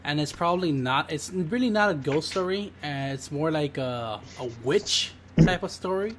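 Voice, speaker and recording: Man, fairly high voice, casual podcast talker, rambles and restarts, faint noise behind him. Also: lively intonation, moderate pace. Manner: rambling, hedging, with many "basically"s and restarts. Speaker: podcast co-host. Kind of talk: casual storytelling.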